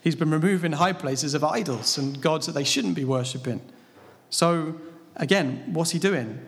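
A man's voice: on the high side, moderate pace, slight background noise. A man preaching a sermon, talking conversationally and asking his listeners rhetorical questions. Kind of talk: sermon on a Bible passage. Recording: long reverb of a large hall.

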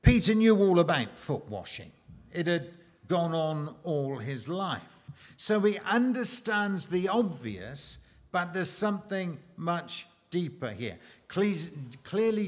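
Slow, emphatic higher-voiced male preacher. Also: very animated. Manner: slow and emphatic, with dramatic pauses and rhetorical questions. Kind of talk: sermon.

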